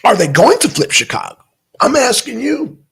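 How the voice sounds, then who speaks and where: A man's voice: very high-pitched, moderate pace, vocal fry, husky. A man hosting a live stream, chatting casually with viewers, reading out chat names and firing off questions. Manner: animated, bursts into shouted questions, mutters to himself.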